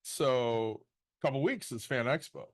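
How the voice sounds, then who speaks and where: A man's voice: medium pitch, a little slow. A man in his forties co-hosting a podcast, eagerly pushing on with his story in casual chat. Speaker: podcast co-host.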